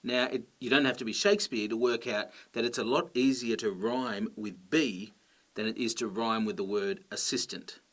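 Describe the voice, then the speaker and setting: A man's voice: lowish voice, moderate pace, a bit bright. Patient man explaining a grammar lesson. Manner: clear, patient explaining with check-ins. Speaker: teacher.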